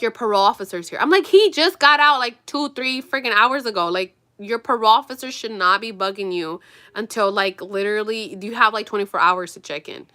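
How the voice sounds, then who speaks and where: A woman vlogger gossips her way through a get-ready-with-me chat, rambling and cursing freely as she talks straight to her viewers. Her voice sits a little high and sounds very bright and sharp. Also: fairly quick. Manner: rambling, profane, gossipy storytelling; addresses viewers directly. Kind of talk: casual chat while getting ready.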